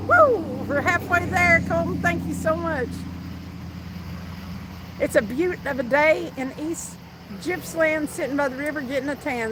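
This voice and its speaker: A woman's voice: high-pitched, background noise. A woman with a Southern US accent, hosting a casual fishing live stream outdoors, chatting with viewers and telling stories. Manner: chatty, reads out viewer comments and tells stories. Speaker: fishing livestream host.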